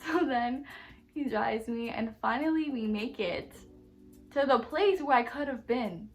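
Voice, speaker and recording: A young woman telling a casual storytime on her channel, animated and blunt, saying "like" and "literally" constantly. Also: a little high, a little slow, faint music behind. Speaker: YouTuber.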